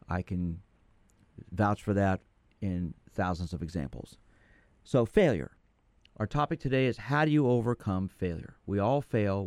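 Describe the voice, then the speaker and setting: A low-voiced man in his sixties hosts a call-in radio show from a studio, speaking directly and conversationally. The sound is dry and close, with no room echo. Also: darkish tone, clear, resonant tone. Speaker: radio show host, sports psychologist.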